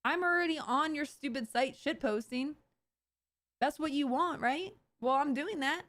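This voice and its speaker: A woman with a high, bright-pitched voice reacting live on stream. She rants sarcastically, piling up fillers and restarts as she riffs on what she's watching. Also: measured pace. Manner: sarcastic, ranting, full of fillers. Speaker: streamer host.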